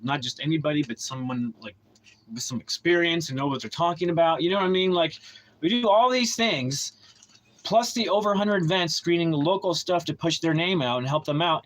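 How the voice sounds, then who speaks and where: A man with a somewhat higher voice rants on his livestream, heated and bitter. He swears constantly and circles back over his points with stumbles and restarts. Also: rough recording. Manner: heated, profane, rambling with many restarts; bitter and aggrieved. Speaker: livestream host. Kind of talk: ranting livestream monologue.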